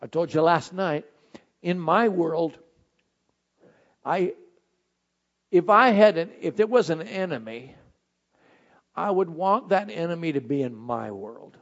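A man preaching a sermon with a fairly high voice, his delivery rising to ringing shouts and then dropping to near-quiet reflection. The recording is dull and muffled. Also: lively intonation, slow, pauses often. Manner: dynamic preaching, swings from shouted highs to soft low phrases. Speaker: pastor.

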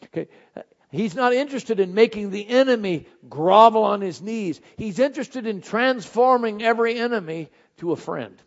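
A man preaching a sermon with a fairly high voice, his delivery rising to ringing shouts and then dropping to near-quiet reflection. The recording is dull and muffled. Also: animated, moderate pace, few pauses. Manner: dynamic preaching, swings from shouted highs to soft low phrases. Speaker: pastor.

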